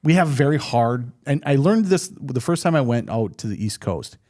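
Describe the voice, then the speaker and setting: Minnesota guy hosting a podcast, opinionated, rambles, pitch jumping all over. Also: lively intonation, normal speed, darkish tone. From northern Minnesota. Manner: opinionated, rambling, frequent restarts. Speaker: podcast host. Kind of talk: casual chat.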